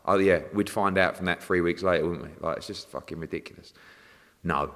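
A man, a boxing promoter talking in a casual interview, animated and swearing freely as he rants. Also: sits low, a little fast. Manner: animated, swearing, ranting with acted-out exchanges. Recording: long reverb.

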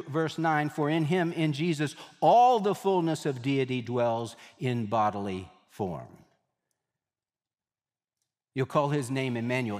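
Man preaching in a reverberant hall. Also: fairly high pitch. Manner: emphatic, repeats key phrases for effect. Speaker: pastor. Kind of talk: sermon.

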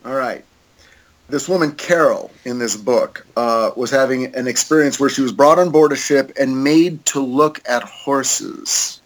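A man's voice: medium pitch, measured pace. A man in casual podcast chat, loose and joking as he reads passages aloud.

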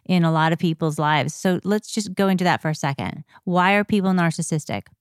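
A woman's voice: fairly low pitch, fairly quick, clear, resonant tone, dry recording, studio quality. An older woman, a podcast guest, talking emphatically and reeling off lists of words in conversation. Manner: emphatic, listing. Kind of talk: conversational interview.

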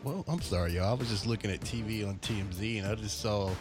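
A man's voice: fairly low pitch, fast talker, music in the background. A man hosting a casual sports chat show, laid-back and joking. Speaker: podcast host.

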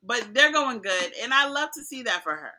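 Lively, bright-voiced woman chatting. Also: fairly high pitch, moderate pace. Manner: animated, playful, slangy. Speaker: podcast co-host. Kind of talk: casual chat recapping a reality show.

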